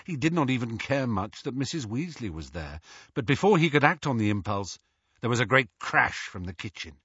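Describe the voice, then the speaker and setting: A man narrating an audiobook in an expressive storytelling manner. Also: medium pitch, normal speed, husky, no room sound, lo-fi sound.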